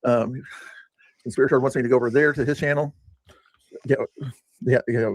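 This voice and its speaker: A man's voice: medium pitch, fairly quick, pauses often, no echo. Older man, streamer, chatty and self-mocking, dry close sound. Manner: chatty, talks to chat viewers, self-mocking. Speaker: streamer reviewing his own past stream. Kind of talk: rambling live-stream commentary.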